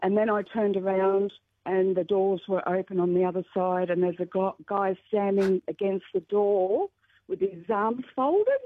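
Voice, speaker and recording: An older woman, calling in to tell a lively story on a radio show, laughing often. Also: mid-range voice, measured pace. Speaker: caller. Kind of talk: telling an anecdote on radio call-in. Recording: tinny phone line.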